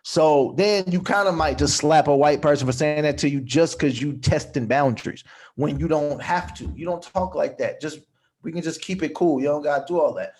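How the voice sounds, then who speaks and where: Brief: high-voiced man from Texas, casual comic, halting and thoughtful. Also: darkish tone. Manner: thoughtful, hesitant restarts, breaks into quoted voices. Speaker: podcast co-host. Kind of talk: casual comedic chat.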